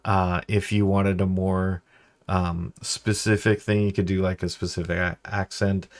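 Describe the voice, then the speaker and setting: A man's voice: low-pitched, little pitch movement, measured pace. A man chatting casually as a game master host, easygoing and meandering. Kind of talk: casual instructional chat.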